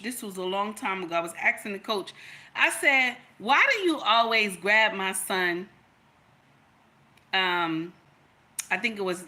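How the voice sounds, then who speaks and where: Bright-voiced emphatic storytelling woman. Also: mid-range voice. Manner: emphatic, storytelling, repeats points. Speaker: content creator. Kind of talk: casual opinion monologue.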